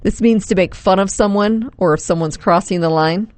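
A woman's voice: mid-range voice, moderate pace, a little mellow, no room sound. A woman co-hosting a morning radio show, upbeat and teasing in casual banter. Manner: upbeat, teasing, laughs often.

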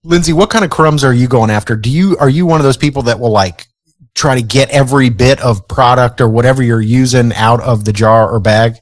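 Man, morning radio co-host, chatty and amused, mid-pitched voice, dry studio sound. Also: a little fast, no echo. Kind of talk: casual morning show banter.

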